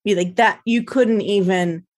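A woman's voice: medium pitch, unhurried, a little mellow. A woman hosting a casual interview, reflecting the guest's story back in a supportive way.

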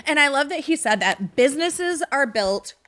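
A woman hosting a podcast in easy, friendly chat, her voice sitting a little high. She keeps the talk upbeat and brisk. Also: animated, a bit bright. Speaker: podcast host. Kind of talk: casual chat.

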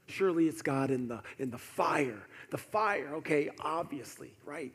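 A man acting out a prophet who excitedly talks himself into expecting God in every big sign. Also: on the high side, normal speed, slightly rough, pitched above the performer's own voice, full character voice. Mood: eager. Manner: excited, chatty, convinced. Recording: echoey hall with faint noise.

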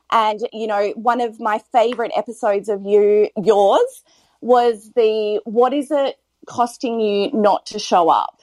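A woman's voice: on the high side, steady tone, normal speed, a little mellow, no echo. A gushing, effusive woman talks casually, heaping praise on the host. Her voice is dry and close, with almost no room sound. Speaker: listener and former coaching client. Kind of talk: casual chat. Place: online audio chat room.

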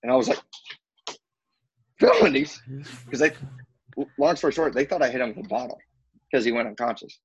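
A man's voice: mid-range voice, fast talker, breathy edge, no room sound, dull audio. A young man telling a story to friends in a casual chat, acting out the quotes and swearing freely.

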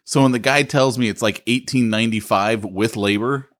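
A man's voice: fairly low pitch, steady tone, normal speed. A man co-hosting a podcast, telling a story about his own life in casual chat, self-mocking and often laughing. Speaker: podcast co-host.

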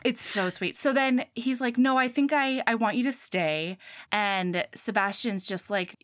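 A woman casually retelling a book's plot, acting out the characters' lines in quick bursts. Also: medium pitch, no echo, clean studio sound. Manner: animated retelling, acts out dialogue. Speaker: podcast co-host. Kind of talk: casual book chat.

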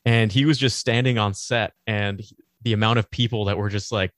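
A man's voice: lowish voice, fairly even intonation, a little fast, a bit bright, no room sound, studio quality. A man co-hosting a casual podcast chat, rambling with many restarts. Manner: rambling, restarts often, laughs easily. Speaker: podcast co-host.

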